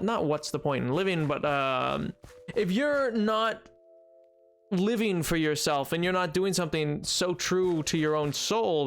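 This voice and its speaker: A man's voice: on the high side, background noise. A young man streaming a game, chatting casually with chat in a rambling, self-deprecating way with playful bits. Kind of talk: casual chat while gaming, reading chat aloud.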